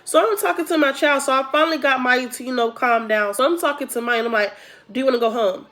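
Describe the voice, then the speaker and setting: Casual storytime from a young woman, lively, does the voices of people she quotes, kinda high pitched. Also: fast. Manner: animated, acts out quoted people. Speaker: vlogger telling a story.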